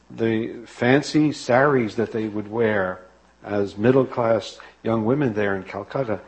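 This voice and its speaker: A man preaching a sermon, narrating and exhorting in a calm, measured way. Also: mid-range voice, breathy edge, no echo, poor audio.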